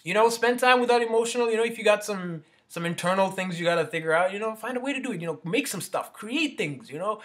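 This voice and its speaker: A man giving a casual motivational street talk, rambling as he goes and tagging on "right?" and "you know". His voice sits a little high, with a bright, forceful edge. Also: lively intonation, fast talker, few pauses. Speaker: motivational speaker.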